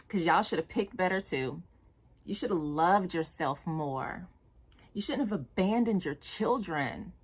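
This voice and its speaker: A woman's voice: on the low side, animated, measured pace, slightly rough. A young woman vlogger giving blunt, exasperated commentary about dating, with slang and profanity. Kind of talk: direct-to-camera commentary.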